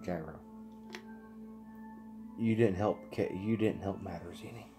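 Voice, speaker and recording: Deep-voiced joking stream host. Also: male voice, fairly even intonation, brisk, music in the background. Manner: joking, playful teasing. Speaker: livestream host. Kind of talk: casual chat with viewers.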